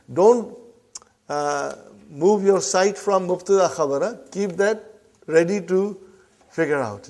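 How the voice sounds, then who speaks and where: A man leads a classroom language lesson in a slightly higher than usual voice. He says each phrase slowly and repeats it, then stops often to ask his students if they follow. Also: darkish tone. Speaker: Arabic language teacher.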